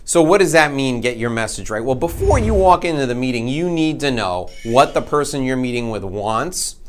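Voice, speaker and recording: Man, sales trainer, energetic storytelling, conversational, self-mocking. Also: mid-range voice, moderate pace, a little hiss or hum. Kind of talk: storytelling talk.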